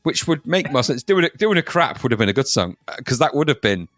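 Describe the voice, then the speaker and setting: Male co-host, animated and jokey, dry close-miked read. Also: medium pitch, quick pace, dry recording. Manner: jokey, lively, slips into silly voices. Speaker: podcast co-host. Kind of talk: casual chat.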